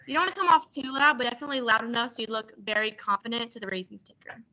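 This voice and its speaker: A teenage girl presents at an online youth workshop. She talks fast and chatty, with a slight stutter. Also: fairly high pitch, highs cut off, background noise. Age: teens.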